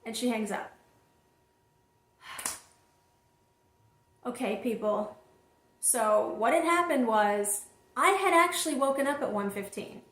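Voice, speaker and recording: A woman telling a personal story to her viewers, animated and talking straight to them. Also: high-pitched, echoey room. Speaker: vlog host and single mother.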